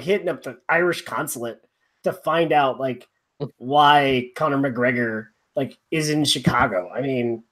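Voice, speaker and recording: This man's voice sits a little high with a fairly bright tone. He co-hosts a rugby podcast, rambling casually and joking wryly, full of fillers and restarts.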